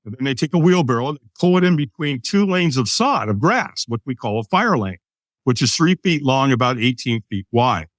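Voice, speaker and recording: A man's voice: mid-range voice, big pitch swings, moderate pace, no echo. A man in his sixties, a podcast guest from the United States, telling a personal story with vivid energy and acting out the other people in it. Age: 60s. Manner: vivid storyteller who acts out quoted voices.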